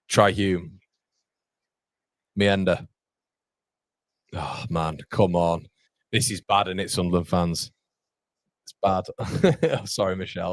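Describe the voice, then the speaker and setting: A man's voice: low-pitched, dry recording, studio quality. A young man hosting a live football watchalong, commenting on the match and reading viewer comments aloud with frequent laughs. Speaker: watchalong host.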